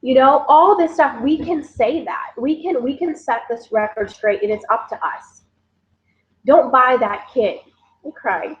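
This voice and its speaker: A woman, a team leader giving an energetic motivational recap who keeps calling her listeners "guys". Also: high-pitched, unhurried. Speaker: network marketing team leader. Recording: dull lo-fi sound.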